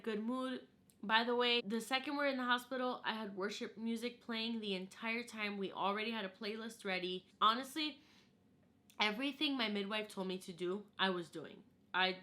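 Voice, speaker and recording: Young American woman, vlogger, bright clear tone, lively storyteller who acts out what people said. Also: medium pitch. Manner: animated, acts out quotes of herself and others. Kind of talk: casual storytelling to camera.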